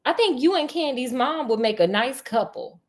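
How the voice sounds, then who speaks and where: A man's voice: extremely high pitch, animated, normal speed. A woman reading as a cocky teenage schoolboy. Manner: flippant, brash.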